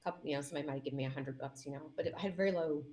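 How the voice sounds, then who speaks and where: A woman's voice: sits low, racing, darkish tone. A woman who is a mayor, telling heartfelt campaign stories and acting out quotes with emotion. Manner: emotional, acts out quotes in her story. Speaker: guest mayor.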